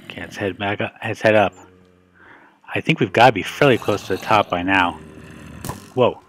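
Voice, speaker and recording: A man's voice: fairly low pitch, moderate pace, a bit bright, a little hiss or hum. A man giving casual, rambling gameplay commentary as a video host, joking and breaking off his sentences as he plays. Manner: rambling, joking, self-interrupting.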